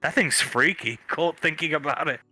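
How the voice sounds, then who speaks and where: A man narrating a tabletop role-play as game master, speaking in an animated, playful way. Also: a little high, moderate pace, husky, soft background music, rough recording.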